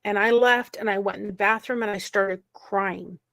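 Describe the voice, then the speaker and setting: Woman, mid-pitched, earnest emotional storyteller, dry close sound. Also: fairly even intonation, gravelly, a bit bright, dry recording. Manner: earnest, emotional recounting, quick asides. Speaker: guest sharing a personal story. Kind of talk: personal story told in conversation.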